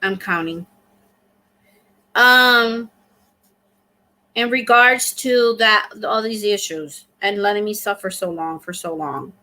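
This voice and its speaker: Middle-aged lady chatting on her livestream, bright clear voice, reads out comments n thanks ppl. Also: mid-range voice, takes it slowly, long pauses. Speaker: livestream host. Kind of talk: casual live chat.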